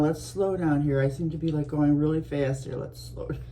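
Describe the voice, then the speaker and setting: A middle-aged woman from Buffalo, New York, chatting casually to her viewers as an art vlogger, rambling along with soft laughs and restarts. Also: sits low, fairly even intonation, moderate pace, a little hiss or hum. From Buffalo, New York, USA.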